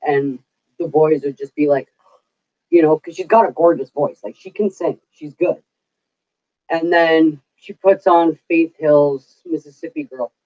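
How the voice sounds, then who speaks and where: A middle-aged woman vlogger speaks in a low-pitched, unhurried voice, and the audio sounds dull. She's chatty, telling stories casually, laughing often and swearing without a second thought.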